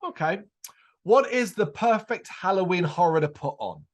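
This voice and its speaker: A man, co-host of a podcast, asking interview questions in a brisk, chatty way. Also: high-pitched, expressive.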